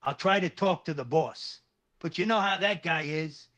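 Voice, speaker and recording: A man's voice: on the high side, moderate pace, a bit bright, lightly acted. A man voicing a tired male office worker who pleads earnestly with his boss while holding his temper. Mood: pleading.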